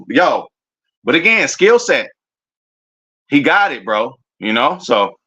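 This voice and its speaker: A man streaming a casual, excitable reaction to his football team's draft picks, full of slang and talking straight to his chat. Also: mid-range voice, slow, dull audio. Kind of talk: casual live reaction commentary.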